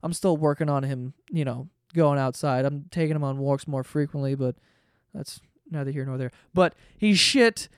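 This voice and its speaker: A podcast host with a slightly high voice delivers a rambling, profane story as a casual monologue. The recording is studio quality with no room sound.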